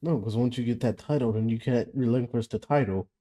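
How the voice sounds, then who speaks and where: A man co-hosting a casual podcast chat, making dry, flat objections. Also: medium pitch, a little fast. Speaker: podcast co-host.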